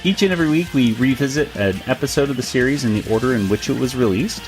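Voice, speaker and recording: A man hosting a podcast in a relaxed chat, his voice sitting at a middling pitch. He talks chattily, laughs easily and restarts his sentences often. Faint music sits underneath him. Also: quick pace. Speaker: podcast host.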